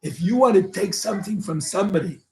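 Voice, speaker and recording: A man teaches a Talmud lesson as a rabbi, walking students through the argument with rhetorical questions and Hebrew and Yiddish terms. His voice sits a little high for a man. The room adds a clear echo. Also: fast talker, darkish tone. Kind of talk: yeshiva Talmud lecture.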